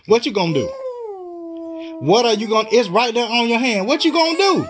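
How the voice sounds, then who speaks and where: A young father coaxing his baby to crawl, playful and teasing, dipping low and jumping into high baby talk. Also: animated, brisk, long pauses, a crowd in the background.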